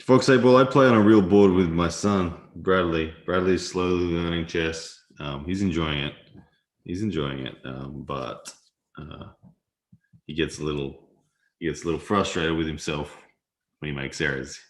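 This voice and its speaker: A man with an extremely deep, low voice talks casually through a live stream, laughing easily and answering viewers as he plays chess. The room around him adds a noticeable echo. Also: moderate pace. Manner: chatty, laughs often, reads viewer comments aloud. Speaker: livestream host. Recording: roomy echo.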